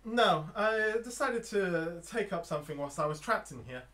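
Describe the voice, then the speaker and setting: A man's voice: sits high, expressive, moderate pace, fairly bright tone, distant mic, voice pushed up. A man voicing a trapped woman stranger who tells an evasive, careful story. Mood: guarded.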